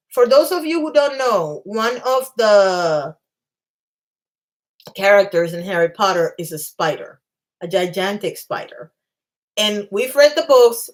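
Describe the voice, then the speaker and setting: A woman with a slightly high voice tells stories to her live chat in a loose, chatty style as a channel host. She's animated and self-mocking, laughing at herself and breaking off now and then to greet people in the chat.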